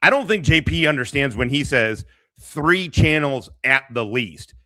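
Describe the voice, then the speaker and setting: Crude mocking male streamer, lively pitch. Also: unhurried, no room sound. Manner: mocking, crude, laughs often. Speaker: streamer host. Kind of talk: profane casual livestream rant.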